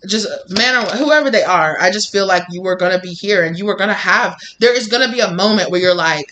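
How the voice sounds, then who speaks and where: A tarot reader talks straight to the viewer in a loose, unscripted reading. The voice sits at a middle pitch with a bright, forward edge. They speak bluntly, swear often, and slip into the voices of the people they describe. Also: moderate pace, slight background noise. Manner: blunt and profane, acts out quoted people. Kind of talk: casual tarot reading to camera.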